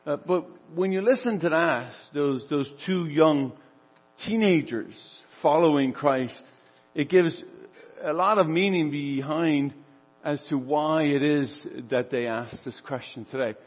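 An older male pastor with a high, husky voice tells a story from the pulpit and acts out its dialogue. His voice carries a long reverb in a dull recording. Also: measured pace. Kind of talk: sermon.

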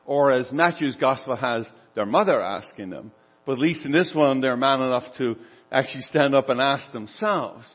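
A man's voice: mid-range voice, normal speed, big-room sound, highs cut off. An older man preaching a sermon as a pastor, telling the story in a conversational way and acting out the dialogue.

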